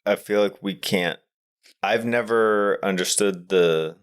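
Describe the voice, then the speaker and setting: Deep-voiced man musing on a podcast. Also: takes it slowly, clear, resonant tone. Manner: thoughtful, searching for words, frequent restarts. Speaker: podcast co-host. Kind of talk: casual movie discussion.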